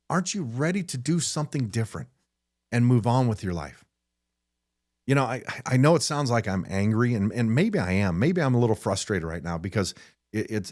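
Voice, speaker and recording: A middle-aged man hosting a podcast, giving a blunt, frustrated motivational talk off the cuff, often repeating his first words as he starts a sentence. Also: medium pitch. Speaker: podcast host. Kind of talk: unscripted motivational monologue.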